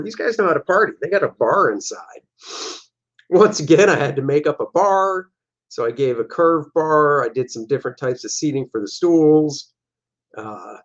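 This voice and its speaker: A man streaming a casual look back at his own comic pages, with relaxed, rambling commentary and answers to chat questions. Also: a little high, dull audio. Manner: relaxed, rambling, acts out panel dialogue in silly voices.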